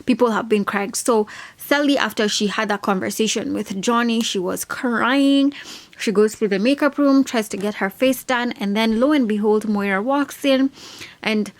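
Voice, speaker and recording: A woman's voice: fairly high pitch, normal speed. A young woman giving a casual, opinionated reality TV recap, full of "like" and slang. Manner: chatty, opinionated, heavy on "like". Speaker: reality TV reviewer.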